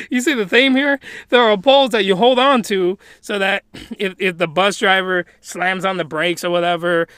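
A man excitedly recapping a story in casual chat, laughing and rambling with many restarts. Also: sits high, no room sound, clean studio sound. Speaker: video commentator.

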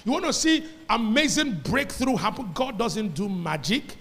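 Emphatic Nigerian preacher, high voice. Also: male voice, animated, moderate pace, few pauses, a bit bright, in a large hall. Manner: emphatic preacher, repeats phrases, dips into pidgin. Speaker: pastor. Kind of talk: sermon.

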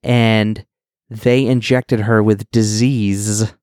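A man's voice: lowish voice, level tone, drawn-out words, darkish tone, smooth, dry recording, studio quality. Rambling wry man recapping a movie. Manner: rambling, many fillers and restarts, wry. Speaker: podcast co-host. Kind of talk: casual movie recap chat.

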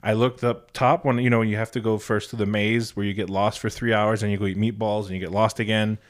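A man's voice: lowish voice, flat delivery, a little fast. A man hosting a podcast in casual, blunt, heavily profane chat. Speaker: podcast host.

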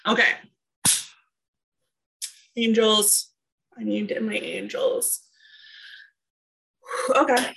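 A woman's voice: mid-range voice, steady tone, very slow, creaky, pauses often, fairly bright tone, husky. A woman podcast host and mindset coach in casual chat, laughing and flustered as she retakes her intro. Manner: laughing, flustered, swearing at her own slips.

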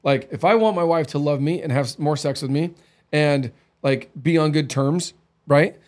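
A man in his thirties talks in an easy, candid podcast chat, on the higher side for a man. He rolls through stories with lively swings in his voice and acts out quoted lines along the way. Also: normal speed. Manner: candid, animated storytelling with acted quotes. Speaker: podcast co-host. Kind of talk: casual chat.

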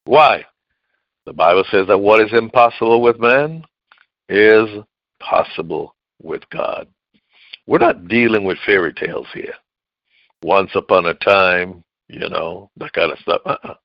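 A man preaching a sermon with call-and-response, repeating key phrases and swinging from loud declarations to low murmurs. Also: vocal fry, dry recording. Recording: dull lo-fi recording.

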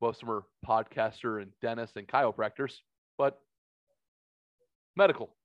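A man's voice: medium pitch, steady tone, moderate pace, dry recording, muffled recording. A man telling a story in a casual podcast chat, profane and heated.

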